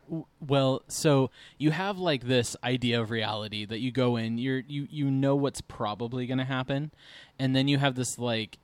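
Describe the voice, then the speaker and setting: A middle-aged man co-hosts a casual podcast, talking candidly and rambling, with plenty of "like" and "I mean" along the way. His voice sits at a middle pitch. The recording is dry and close. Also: normal speed, smooth, dry recording. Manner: candid, rambling, many fillers. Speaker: podcast co-host.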